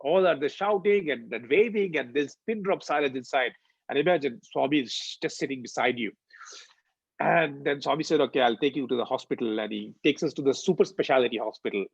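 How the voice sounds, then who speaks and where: Fairly quick and husky with vocal fry, a mid-range male voice belongs to a devotional speaker from India in his 40s sharing a personal testimony. He tells it animatedly, with frequent "uh" and "um," on a dull, dry, lo-fi recording.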